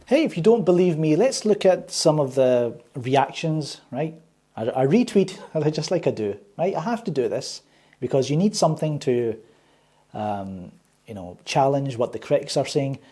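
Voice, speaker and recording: A sarcastic man rants his way through a film review, swearing freely. His voice sits a bit high for a man, with a husky, breathy grain and a warm, mellow tone. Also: expressive, moderate pace. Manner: sarcastic, swears a lot, exasperated. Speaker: movie reviewer and channel host. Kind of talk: ranting casual review.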